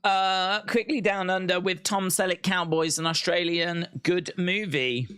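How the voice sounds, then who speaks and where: A man's voice: sits high, steady tone, a little slow, fairly bright tone, clean tone, dry recording. A man hosting a live wrestling watch-along, chatting casually and reading out viewer comments. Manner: chatty, reads out viewer comments, laughs often.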